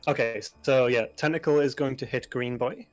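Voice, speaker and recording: A man playing in a tabletop game, joking in a dry, deadpan way. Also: medium pitch, normal speed, soft background music. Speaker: player. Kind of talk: casual tabletop game chat.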